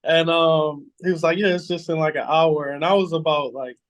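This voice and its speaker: Bay Area man in his thirties, easygoing storyteller voice, a bit high, podcast guest. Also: normal speed. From San Francisco Bay Area. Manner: relaxed storyteller, repeats words, acts out quoted voices. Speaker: guest, former pro football player. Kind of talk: casual storytelling interview.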